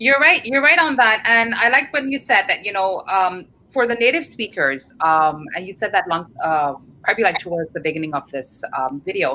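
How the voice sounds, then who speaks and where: A woman English teacher chatting in an animated way, using many fillers and repeating words for emphasis. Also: medium pitch, quick pace, few pauses, slight background noise, rough recording. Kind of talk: conversational discussion.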